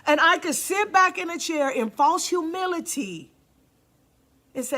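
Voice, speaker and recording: A woman's voice: high voice, lively intonation, moderate pace, pushed and bright. A woman pastor preaching with passion, calling out to the congregation and sometimes dropping to a near-whisper for emphasis. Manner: impassioned, calls out to the congregation. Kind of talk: sermon.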